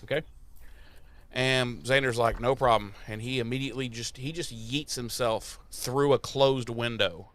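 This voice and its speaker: A man's voice: mid-range voice, fairly even intonation, moderate pace, few pauses, fairly bright tone, slight background noise. A young adult man co-hosting a podcast, recapping an episode in casual, profane chat and acting out quotes in exaggerated voices. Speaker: podcast co-host.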